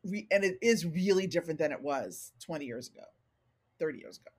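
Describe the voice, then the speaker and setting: A middle-aged woman consultant with a deep, breathy-edged voice speaks a little fast as a guest on a casual podcast. Candid and lively, she acts out what people tell her in her organizational consulting work.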